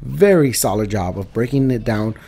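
A man giving joking, profane commentary over a fighting game, dropping into mumbled asides and rising into loud outbursts. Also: fairly low pitch, lively intonation, moderate pace, creaky, slightly rough. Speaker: gaming video host. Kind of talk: casual gameplay commentary.

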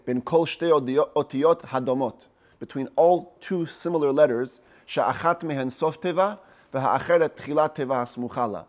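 Rabbi reading Hebrew and explaining. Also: male voice, a little high, a little mellow. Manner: reads Hebrew phrases slowly, then explains them in English. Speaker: rabbi teaching a class. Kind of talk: text study lesson, reading Hebrew and translating.

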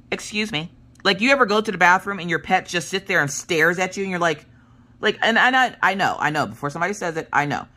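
A woman in her thirties telling a long story in a casual, chatty way as a craft vlogger. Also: on the low side. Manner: animated, chatty, acts out voices of others in her stories.

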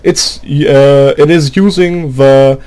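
A man's voice: mid-range voice, fairly even intonation, takes it slowly, mellow, smooth. A man with a German accent, speaking English as a second language, delivers a profane, exasperated, sarcastic rant about a game. He often halts and hunts for English words. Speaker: gaming video creator. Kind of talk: angry gaming rant.

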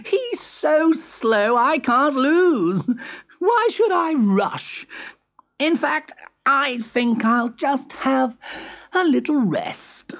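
A woman voicing a boastful young male hare in a storybook reading, with a mocking, drawn-out sneer. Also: high-pitched, very animated, a bit bright, pitched above the performer's own voice, exaggerated voice. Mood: smug.

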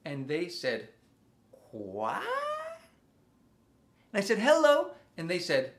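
A man hosting a children's music lesson, speaking slowly and simply to small children and asking them questions. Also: on the high side, expressive. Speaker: children's music teacher and host. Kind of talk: children's sing-along lesson. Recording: loud background noise.

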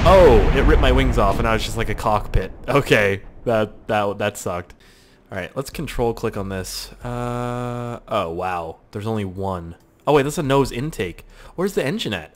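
A man narrates his own gameplay in an excitable, offhand way, swearing and laughing as the plane misbehaves. His voice leaps up and down constantly, full of animation. A faint background hiss sits under the recording. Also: mid-range voice, moderate pace. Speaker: gaming YouTuber. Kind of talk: let's-play commentary.

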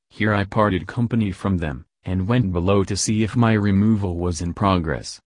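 Man, audiobook narrator, fairly low voice, measured and even, dry close sound. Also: dry recording. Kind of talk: scripted narration.

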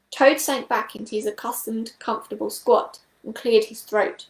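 Female storyteller with a higher voice, reading a children's book aloud in an echoey room. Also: steady tone, moderate pace, hardly any pauses.

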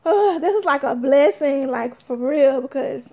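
A woman tells her viewers a story, animated and talkative, calling them y'all. Her voice sits high for a woman. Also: unhurried. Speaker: vlogger.

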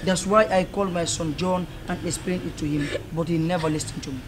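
A man's voice: fairly high pitch, steady tone, brisk, close to an everyday voice. A man playing a moralizing fatherly elder. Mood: reassuring, lecturing. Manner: moralizing, reassuring, repetitive. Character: fatherly elder preaching to parents and youth. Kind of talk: low-budget film drama. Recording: noisy location audio.

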